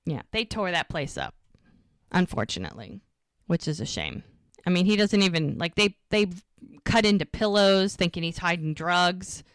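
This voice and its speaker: A woman's voice: on the low side, expressive, moderate pace, no echo, studio quality. A woman hosting a rewatch podcast, casually recapping a TV episode scene by scene with lots of "like" and "she goes.". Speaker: podcast co-host.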